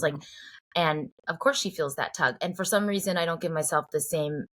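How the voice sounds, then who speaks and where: A singer-songwriter in her forties, from Cambridge in the Boston area, speaks as an interview guest in a deep, slightly bright voice at a moderate pace. Her talk is earnest, reflective and heartfelt, full of fillers and restarts.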